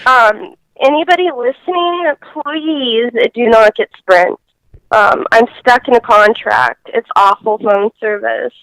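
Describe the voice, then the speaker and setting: A woman guest in a casual interview, talking in a halting way with many fillers and restarts over a phone line. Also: a little high, fairly bright tone, dry recording.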